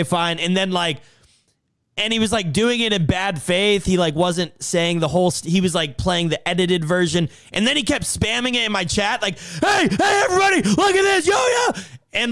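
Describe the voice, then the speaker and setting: A man with a high voice hosts a livestream in a casual, argumentative chat. He tells rambling stories full of swearing. The sound is dry and close, with no room echo. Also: a bit bright, clean tone. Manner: rambling, profane storytelling. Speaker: livestream host.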